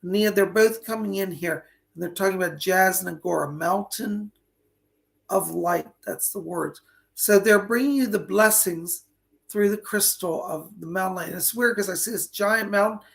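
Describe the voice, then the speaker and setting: Gravelly-voiced man giving live psychic readings. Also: high-pitched, normal speed, a bit bright. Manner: chatty, breathless, addresses viewers by name. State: losing his voice. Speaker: psychic reader hosting a live stream.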